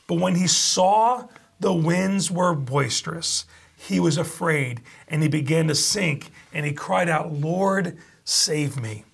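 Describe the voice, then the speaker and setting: Man preaching, heavy gravelly fry, husky tone, scripture reading with lively asides. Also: fairly high pitch. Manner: reads scripture aloud and retells it with lively asides. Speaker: pastor. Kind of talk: sermon.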